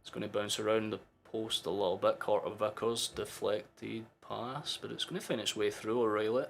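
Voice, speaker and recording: A young man commentating a football match live for his stream as a fan, sweary and excitable, erupting into shouts. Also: fairly low pitch, normal speed, gravelly, soft background music.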